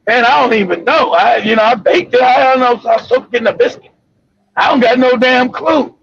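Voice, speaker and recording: A surly young coworker who brushes people off, cursing, in a somewhat lower, gravelly tone, as a man puts him on. The sound is dull and lo-fi. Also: moderate pace, fairly bright tone, exaggerated voice. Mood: evasive. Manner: brushing off, profane. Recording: dull lo-fi recording.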